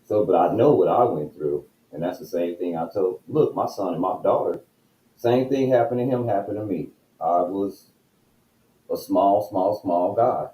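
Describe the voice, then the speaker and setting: A very deep man with a dark, mellow voice speaks plainly and directly about his own experiences. His voice carries a clear room echo. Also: moderate pace. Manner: direct, uses himself as the example. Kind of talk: casual personal storytelling. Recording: echoey room.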